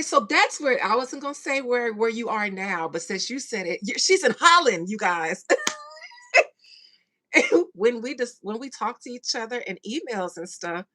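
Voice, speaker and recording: A woman hosting a podcast in a casual chat with listeners, laughing a lot and swinging between hushed asides and loud outbursts. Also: on the high side. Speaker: podcast host.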